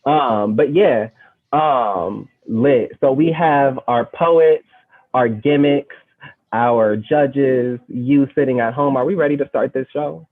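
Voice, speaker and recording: A man's voice: medium pitch, slow. A man hosting a poetry slam over a video call and reciting a poem, playful and full of slang, laughing often. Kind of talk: casual hosting and performance poetry. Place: home, remote video call. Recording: tinny lo-fi video-call audio.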